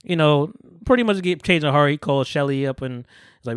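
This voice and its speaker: A man talks quickly, hosting a podcast and animatedly recapping a film, slipping into voices for each character. His voice is smooth and clear, recorded close and dry with no room sound. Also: mid-range voice, no echo. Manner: animated, acts out quoted dialogue with profanity and slang. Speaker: podcast host. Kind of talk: casual chat, retelling a movie.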